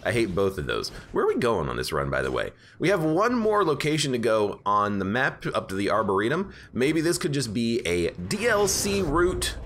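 A man's voice: medium pitch, wildly swooping pitch, moderate pace, hardly any pauses, a bit bright, slight background noise. A man giving rambling casual commentary while playing a video game, often correcting himself mid-sentence. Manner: rambling, self-correcting, chatty. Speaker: game streamer. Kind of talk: casual let's-play commentary. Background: game music.

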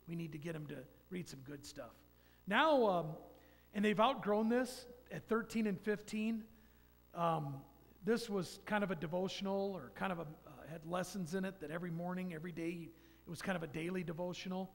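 Man, fairly high gravelly voice, earnest storytelling testimony, long church reverb. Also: normal speed. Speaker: church speaker giving a personal testimony. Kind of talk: personal testimony talk. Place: church sanctuary.

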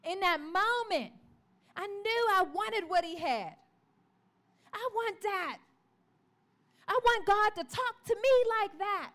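A woman with a strikingly high voice preaches a testimony in church. She tells her story with animation, slipping into the voices of the people in it and calling out to the congregation. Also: expressive, slow, long pauses, a bit bright. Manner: calls out to the congregation. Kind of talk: sermon testimony.

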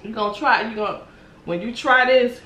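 A woman's voice: on the high side, brisk, bright, forceful tone, reverberant, a little hiss or hum. A woman chatting casually to her viewers while eating noodles, humming between bites, playful and teasing. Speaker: vlogger eating on camera. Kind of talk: casual mukbang chat.

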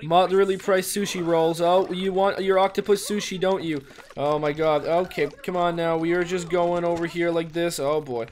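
A man hosting a gaming video, giving casual, excitable play-by-play commentary and exclaiming and swearing often. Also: a little high, moderate pace. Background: faint background music.

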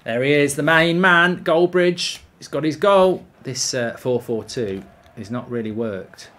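A man giving excitable, sweary live commentary while he plays a football video game. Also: medium pitch, unhurried. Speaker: gaming streamer.

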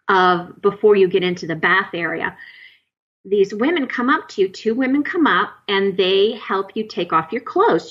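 Husky-voiced woman telling a story. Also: mid-range voice, dull audio. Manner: halting, many fillers and restarts, animated retelling. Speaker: guest telling her experience. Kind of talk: emotional personal storytelling.

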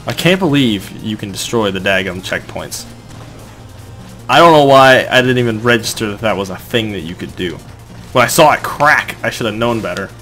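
An excitable young man rambles through casual gameplay commentary, his pitch swinging widely as he jokes at himself. Faint game music plays under his voice. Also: moderate pace. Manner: excitable, rambling, shouts in bursts of frustration. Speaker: let's play gamer.

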